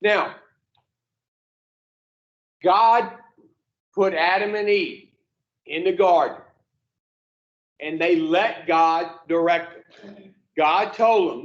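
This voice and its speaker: A man with a fairly high voice speaks slowly, leading a recovery group in a folksy, plain-spoken way with mild swearing. He keeps calling on his listeners as he teaches. The room is echoey and the sound is dull and lo-fi. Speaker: addiction recovery group leader.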